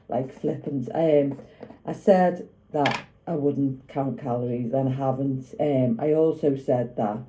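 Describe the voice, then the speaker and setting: A woman's voice: rumbling low, mellow, low-quality recording. A middle-aged woman chatting casually to camera in her home kitchen while she makes food, rambling with lots of tag questions. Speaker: vlogger.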